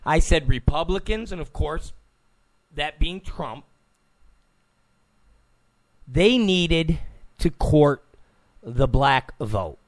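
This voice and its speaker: A man's voice: fairly high pitch, lively intonation, drawn-out words, long pauses. A man hosting a political talk show, giving an opinionated monologue, emphatic, repeating phrases and stammering on restarts.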